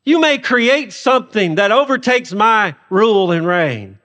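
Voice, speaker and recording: Figure: a man voicing a sarcastic, mocking God. Pitch: high. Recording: long hall reverb. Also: lively intonation, a little slow, sharp tone, full character voice. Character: sarcastic all-powerful God mocking tiny humans.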